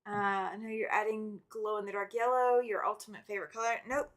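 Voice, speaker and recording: The middle-aged quilting host keeps up a casual live chat as she sews, voicing viewer comments and laughing a lot. She speaks a little fast in a medium-pitched, level voice.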